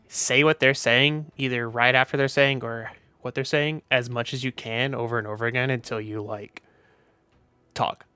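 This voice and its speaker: A man's voice: mid-range voice, bright, forceful tone, smooth, dry recording. A tired, sleepy man chatting casually on a live stream, rambling and offhand with the odd swear. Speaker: VTuber streamer.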